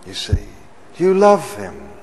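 A man preaching a sermon. He keeps asking the congregation questions and swells loud on the words he stresses. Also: medium pitch, sing-song, takes it slowly. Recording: reverberant church hall.

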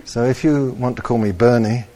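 A man preaching a sermon, slow and animated, rising to loud emphatic peaks. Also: mid-range voice.

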